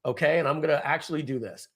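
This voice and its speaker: A man hosting a live software webinar, giving an energetic, salesy screen-share demo and clearing his throat often. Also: fairly high pitch, fast. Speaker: webinar host, software founder.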